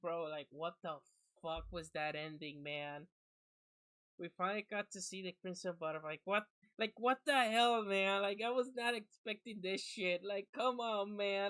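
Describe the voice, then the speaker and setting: A man streaming a horror game, reacting in casual, excitable chat full of slang and switching between English and Spanish. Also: sits high, normal speed, no echo, rough recording.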